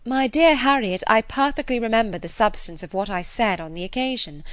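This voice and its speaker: A woman voicing a composed, clever young gentlewoman who speaks in a measured, precise, earnest way in an audiobook. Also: a little high, dry recording, voice pushed up, natural voice. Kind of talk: audiobook character voice.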